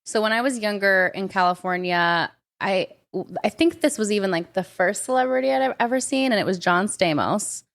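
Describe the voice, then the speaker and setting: A young woman co-hosting a podcast, chatty and animated as she tells stories. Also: medium pitch, normal speed, vocal fry, hardly any pauses. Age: young adult. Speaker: podcast co-host. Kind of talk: casual chat.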